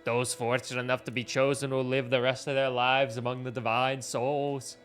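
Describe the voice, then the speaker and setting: A man doing a village shaman delivering a legend in a slow, solemn sermon voice. Each line is weighed and grave, with soft game music underneath. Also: medium pitch, level tone, natural voice.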